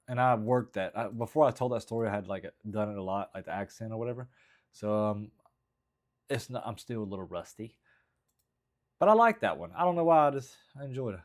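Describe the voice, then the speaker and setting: A man's voice: on the low side, animated, brisk. Rambling man thinking aloud. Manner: rambling, hesitant, many fillers. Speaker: stand-up comedian writing jokes. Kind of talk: casual vlog thinking aloud.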